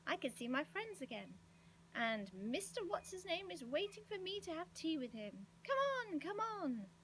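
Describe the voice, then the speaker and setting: A woman's voice: big pitch swings, normal speed, a little hiss or hum. A woman voicing an old, hard-of-hearing saucepan pedlar who is eager and easily muddled. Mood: excited. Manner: shrill, eager, mishearing words. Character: old deaf male saucepan pedlar, excitable.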